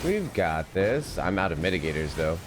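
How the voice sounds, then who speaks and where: A man's voice: deep voice, very animated, moderate pace, noisy background. A man streaming himself playing an online game, chatting to viewers and teammates in a loose, giggly way. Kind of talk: live gameplay commentary.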